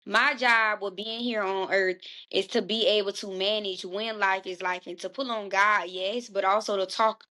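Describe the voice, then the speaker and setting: A woman guest on a conversational podcast, with a voice of ordinary pitch for a woman. She answers thoughtfully and speaks in a reflective, self-affirming way. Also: steady tone, normal speed, bright, forceful tone.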